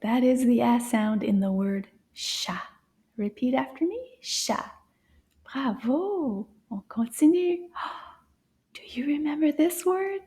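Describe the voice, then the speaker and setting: A woman teaching a French lesson for children, cheerful and encouraging, mixing English with French and often dropping into soft whispers. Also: a little high, gravelly.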